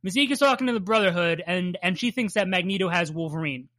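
Bright, jokey podcast co-host. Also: medium pitch, fast talker, no room sound. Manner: rambling, jokey, swears casually; laughs often and plays up bits. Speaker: podcast co-host recapping a cartoon. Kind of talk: casual podcast chat.

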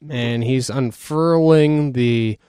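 A man co-hosting a casual comedic podcast, playing along deadpan with mock seriousness. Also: mid-range voice, takes it slowly, clean tone, no room sound, studio quality. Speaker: podcast co-host.

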